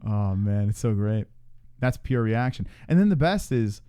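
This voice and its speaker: A man's voice: on the low side, lively intonation, moderate pace, warm tone, smooth, dry recording, clean studio sound. Guy hosting a stream, bouncy up-and-down voice, laughing and roasting his co-host. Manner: teasing, laughing, profane. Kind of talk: casual live-stream chat.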